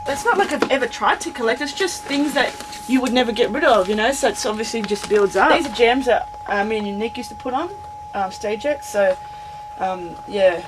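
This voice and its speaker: A woman's voice: fairly high pitch, a little fast, big-room sound. A woman, a graffiti artist and art teacher, chatting casually in an interview, rambling and laughing often. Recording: noisy on-location recording.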